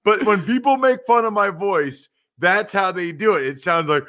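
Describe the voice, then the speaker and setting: Bright-voiced man in casual sports talk. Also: sits high, normal speed. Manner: animated, conversational, self-mocking. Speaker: podcast co-host.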